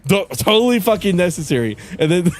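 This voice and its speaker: A young male streamer in a casual livestream rant, cursing and venting in frustration with bursts of yelling. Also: sits high, big pitch swings, brisk. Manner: frustrated, profane ranting with bursts of yelling and laughter.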